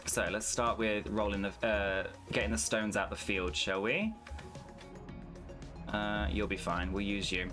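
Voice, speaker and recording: A young man with a fairly low voice talks casually over a game stream. He rambles and swears freely, slipping into rants. Soft music plays faintly behind him. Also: steady tone, measured pace. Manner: chatty, swears freely, ranting. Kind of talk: casual gameplay commentary.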